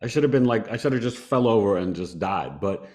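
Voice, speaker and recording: On the podcast, a fifty-something man with a voice on the low side shares a personal anecdote at a brisk clip. He keeps it lively and chatty, breaking into laughter now and then.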